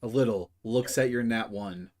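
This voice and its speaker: A man's voice: fairly low pitch, normal speed, noisy background. A man running a tabletop game as game master, narrating casually with swearing and lots of fillers. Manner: casual and profane, with many fillers.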